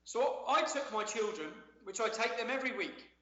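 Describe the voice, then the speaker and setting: A very high-pitched man talks with an emphatic, indignant edge, often repeating words. His bright, forceful voice comes through a dull, lo-fi line from an echoey room. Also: expressive, normal speed. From England. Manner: emphatic, indignant storytelling with frequent word repeats. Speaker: interview guest. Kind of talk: remote interview.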